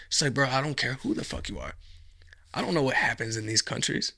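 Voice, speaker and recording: A man's voice: mid-range voice, lively intonation, fairly quick, vocal fry, sharp tone, husky, no room sound. A man hosting a casual podcast, rambling and swearing, with lots of fillers and restarts. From United States. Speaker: podcast host.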